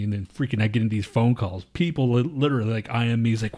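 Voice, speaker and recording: A man's voice: mid-range voice, quick pace, darkish tone. A man in his thirties co-hosting a podcast, telling a long story in a rambling, profane way and acting out his coworkers' lines. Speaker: podcast co-host. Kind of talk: casual chat.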